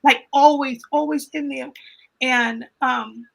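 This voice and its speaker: A woman telling an emotional personal faith story in a casual panel chat, animated and often repeating her phrases. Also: fairly high pitch, moderate pace, low-quality recording. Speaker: guest on a livestream panel.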